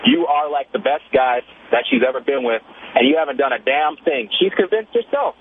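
Calling in to a radio talk show, a twentysomething man brags through a story in casual, slang-filled talk. He speaks in a mid-range voice, very animated and fairly fast, over a tinny line carrying light hiss.

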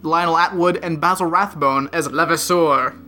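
Bright, upbeat podcast co-host. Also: medium pitch, moderate pace, faint music behind. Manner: upbeat, encouraging, movie-buff enthusiasm. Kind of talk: casual chat.

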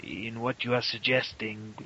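Bright-voiced guy arguing in character at a tabletop game, blunt, slight hiss. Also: medium pitch, fairly even intonation, a little slow, muffled recording. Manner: blunt, mercenary, questioning. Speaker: player. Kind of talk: in-character tabletop role-play.

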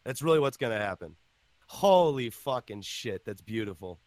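A man hosting a casual podcast, excitable and loud, swearing often. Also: mid-range voice, moderate pace, dry recording. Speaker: podcast host.

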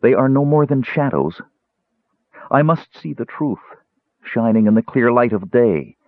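A man's voice: medium pitch, animated, unhurried, dry recording, voice pushed up. A man voicing an anguished young woman cleric who is doubting her faith, speaking in a trembling, pleading way. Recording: tinny phone-like dry sound.

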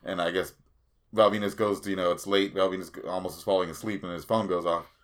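Low-voiced man telling rambling stories. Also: steady tone, fast, fairly bright tone. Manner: rambling storyteller, swears freely, many fillers. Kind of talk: casual chat.

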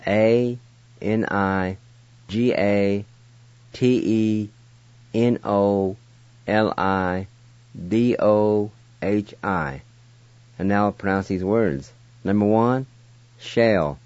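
A man's voice: on the low side, slow pace, long pauses, darkish tone, no echo. A man teaching words on a radio show, spelling them out letter by letter in a patient, encouraging way. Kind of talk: slow spelled-out word lesson. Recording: dry, dull lo-fi radio sound.

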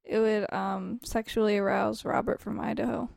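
A woman's voice: mid-range voice, flat delivery, normal speed, vocal fry, darkish tone, no echo, clean studio sound. A woman co-hosting a podcast in casual comedic chat, teasing and laughing often. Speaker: podcast co-host.

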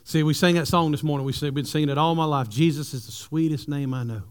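A male pastor, preaching a sermon with animated, humorous stories for his congregation. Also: a little high, quick pace, smooth. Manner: animated storytelling, jokes with the congregation.

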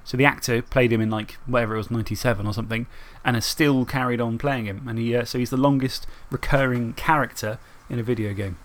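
A man's voice: mid-range voice, fairly even intonation, quick pace, hardly any pauses. Guy chatting on a podcast, rambly and laughy. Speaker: podcast co-host. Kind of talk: casual chat about tabletop and video games.

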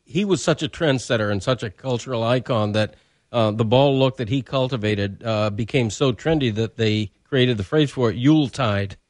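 A man co-hosting a talk radio show, trading wry, deadpan jokes. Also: mid-range voice, moderate pace, no echo, clean studio sound. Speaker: radio co-host. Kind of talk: casual studio banter.

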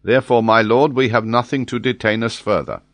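A man reading an audiobook, voicing a decisive sea captain giving crisp, firm orders. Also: mid-range voice, fairly even intonation, fairly quick, dry recording, pitched above the performer's own voice, close to an everyday voice. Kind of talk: audiobook character voice.

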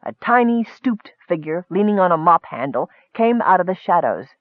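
A man narrating a comic fantasy story in a lively storytelling manner. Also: high-pitched, normal speed, dry recording, phone-quality sound. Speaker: audiobook narrator. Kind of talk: scripted narration.

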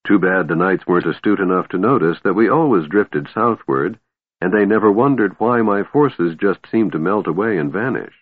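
A man voicing a cold, scheming female warlord who speaks coolly and smoothly. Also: low voice, animated, normal speed, no echo. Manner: cool, cutting, smooth. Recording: narrow phone-like sound, dry.

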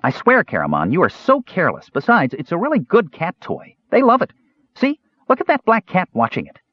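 A man's voice: high-pitched, wildly swooping pitch, brisk, husky, no echo, lo-fi sound, pitched above the performer's own voice, exaggerated voice. A man voicing a small, cheerful male kender who chatters eagerly and carelessly.

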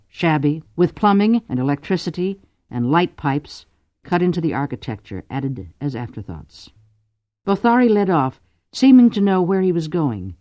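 Mellow-voiced male audiobook narrator. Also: fairly high pitch, no room sound, highs cut off. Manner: measured, deliberate storytelling. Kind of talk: scripted narration.

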